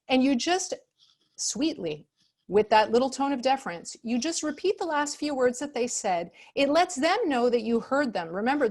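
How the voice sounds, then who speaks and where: Woman, workshop expert; calm, chatty delivery, slightly high, acts out sample phrases. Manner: calm, conversational, many fillers; acts out example phrases in changed tones. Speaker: expert speaker on customer service. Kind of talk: online workshop presentation.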